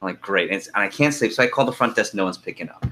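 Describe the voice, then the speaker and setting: A middle-aged man leads a team conference call in an animated, chatty way, laughing as he tells stories before moving to business. His voice sits low yet sounds bright and forward. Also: rapid-fire, slight background noise. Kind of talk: casual storytelling then call agenda.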